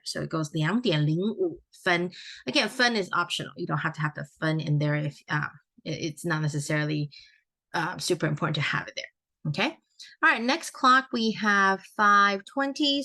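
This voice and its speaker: A woman teaching a Chinese grammar lesson in a recorded walkthrough. Her voice is low-pitched but bright, and her explanations are friendly and patient. She corrects her own slips out loud as she goes. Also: animated, normal speed.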